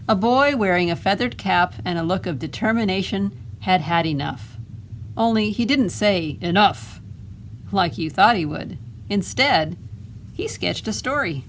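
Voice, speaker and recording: Slow, gentle storytime librarian. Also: female voice, mid-range voice, expressive, slight background noise, rough recording. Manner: gentle, asks the children questions. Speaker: children's librarian. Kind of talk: picture book read-aloud for children.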